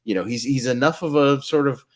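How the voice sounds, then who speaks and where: A man chatting casually about a movie, enthusiastic and measured, with some filler words. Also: mid-range voice. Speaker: podcast co-host.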